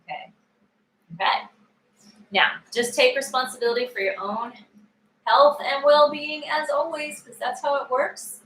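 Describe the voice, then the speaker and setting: A woman coaching a guided tapping session, calmly voicing upset feelings aloud for listeners to repeat. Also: high-pitched, measured pace, long pauses, roomy sound, a little hiss or hum, poor audio.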